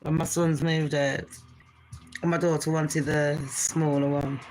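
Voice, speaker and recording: A British woman in her forties hosting a casual live stream from her bedroom, talking fast and swearing freely as she chats to her viewers and calls them babes. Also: low voice, level tone, darkish tone, faint music behind, poor audio. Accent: British English.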